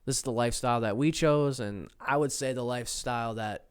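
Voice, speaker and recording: A man co-hosting a podcast, talking in a relaxed and casual way, often hesitating and restarting his sentences. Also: mid-range voice, brisk, clear, resonant tone. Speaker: podcast co-host.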